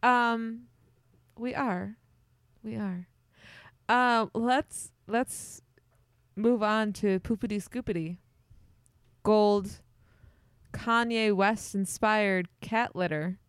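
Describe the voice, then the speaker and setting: A woman co-hosting a podcast, speaking unhurriedly in a smooth, clear voice. She drops playful, deadpan quips and restarts sentences as she thinks. Her voice is dry and close to the mic. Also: medium pitch, extremely slow, long pauses, no room sound. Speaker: podcast co-host. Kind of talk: casual chat.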